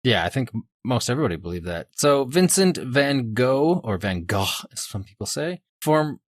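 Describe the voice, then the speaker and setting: A man's voice: medium pitch, sing-song, normal speed, no room sound, clean studio sound. A man co-hosting a podcast in casual chat, telling stories in an easygoing way. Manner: easygoing, storytelling, laughs often. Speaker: podcast co-host.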